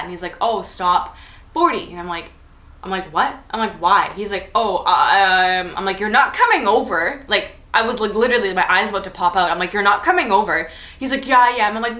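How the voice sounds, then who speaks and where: A woman's voice: medium pitch, sharp tone, echoey room. A young woman chatting animatedly through a storytime vlog, full of fillers and acted-out dialogue. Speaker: vlogger.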